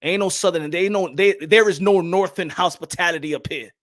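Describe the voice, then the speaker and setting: High-voiced profane New York man. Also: brisk, fairly bright tone. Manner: loose, swearing, laughing often. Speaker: boxing channel host. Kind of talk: casual profane monologue.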